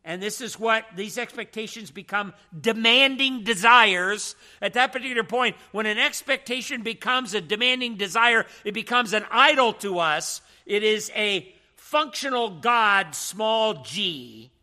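A man's voice: high-pitched, expressive, a little slow, few pauses, bright, forceful tone. A man teaching a church seminar in a preaching style, emphatic and full of rhetorical questions.

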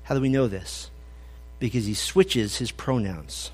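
A man's voice: mid-range voice, a little slow, husky. A man preaching an expository sermon, conversational and emphatic as he quotes scripture. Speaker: pastor.

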